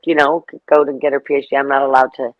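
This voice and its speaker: A middle-aged woman chats as an interview guest, spinning animated stories full of asides. The sound is dry and close, with no room around her. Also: very deep voice, fast talker, no echo, dull audio. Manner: chatty, storytelling, animated asides. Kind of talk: casual interview chat.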